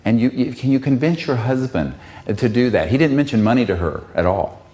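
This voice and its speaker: A man's voice: medium pitch, animated, a little fast, darkish tone. A man giving an impassioned public talk, fiery and emphatic. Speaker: public speaker.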